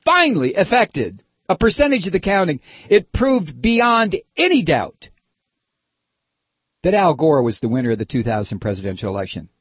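A man's voice: a little high, big pitch swings, normal speed, husky, no echo. A middle-aged man hosting a political talk radio show, speaking in an impassioned, emphatic way with many restarts. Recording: dull, lo-fi radio audio.

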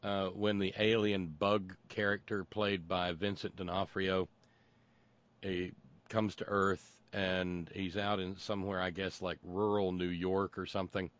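A man's voice: low voice, level tone, unhurried, fairly bright tone. A man giving a rambling, sarcastic monologue with lots of restarts. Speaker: commentator. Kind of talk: casual monologue commentary.

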